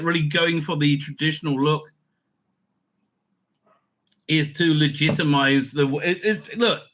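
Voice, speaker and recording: A man hosting a review show, giving opinionated commentary full of fillers, restarts and sarcastic asides. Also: fairly high pitch. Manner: animated, many fillers and restarts.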